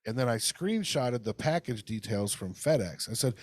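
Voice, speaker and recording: A man's voice: mid-range voice, animated, normal speed, few pauses, darkish tone, no echo, clean studio sound. A man co-hosting a casual podcast, telling a heated, profane story and acting out phone calls. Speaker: podcast co-host. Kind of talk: casual ranting podcast chat.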